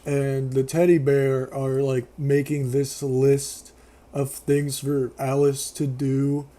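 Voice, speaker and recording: A man's voice: mid-range voice, flat delivery, slow pace, dark tone. A young man giving a casual, sarcastic, profane rant as a movie reviewer, laughing often.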